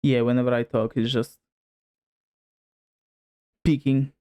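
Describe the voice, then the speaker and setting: Speaking slowly in a mid-range, level voice with a dark, clean tone, a male streamer chats casually as he tests his desk microphone. He rambles, leans on fillers, and keeps drifting toward and away from the mic, so his distance shifts.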